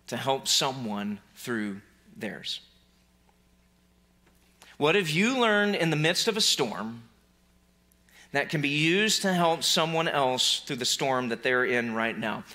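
A man's voice: mid-range voice, animated, slow pace, long pauses, sharp tone. A man preaching a sermon to his congregation in a church, conversational and emphatic, repeating key lines. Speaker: pastor.

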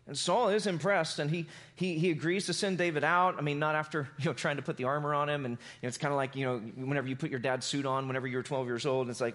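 A man preaching a sermon, retelling a scripture story in a loose, casual, animated way. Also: fairly high pitch, a little fast. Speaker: pastor.

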